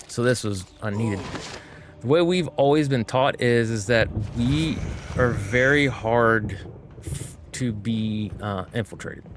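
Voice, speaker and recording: A man's voice: lowish voice, noisy background. A male streamer telling a long story while he plays, full of fillers and "he goes" asides. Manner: rambling, with constant "he goes" and fillers. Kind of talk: casual storytelling while gaming.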